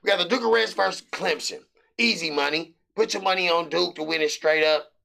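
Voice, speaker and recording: A middle-aged American man hosting a sports betting show, rambling loosely through his picks with hype and shout-outs. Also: a little high, brisk, vocal fry. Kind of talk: casual sports picks monologue.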